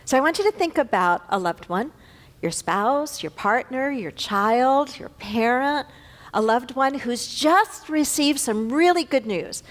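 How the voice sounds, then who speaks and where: A woman's voice: high-pitched, expressive, a little slow. A woman minister giving an earnest, conversational sermon to her congregation, often repeating phrases for emphasis. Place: large church sanctuary. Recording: long hall reverb.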